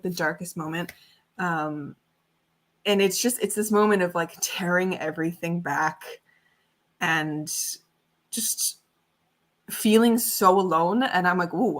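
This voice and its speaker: A woman's voice: mid-range voice, sharp tone. A young adult woman chatting casually on a livestream, giggly and talkative, with lots of fillers. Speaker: livestream host and author. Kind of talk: casual chat on a writing livestream.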